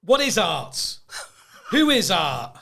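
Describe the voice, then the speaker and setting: A man in his fifties hosting a podcast, chatty and quick to laugh as he tells stories. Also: high-pitched, huge pitch swings, vocal fry, sharp tone. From England. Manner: chatty storyteller, laughs often. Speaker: podcast host. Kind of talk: casual chat.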